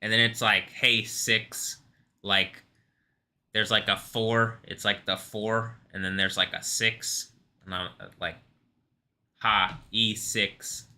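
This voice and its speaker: Man with a very bright, sharp voice. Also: on the low side, little pitch movement, unhurried. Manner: rambling, laughs often, swears freely. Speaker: live stream host. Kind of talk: casual reaction stream commentary.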